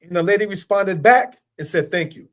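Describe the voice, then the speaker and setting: Speaking at a moderate pace in a high, animated voice, a middle-aged man teaches a Torah lesson. He is earnest and repetitive, leaning heavily on rhetorical questions throughout the monologue.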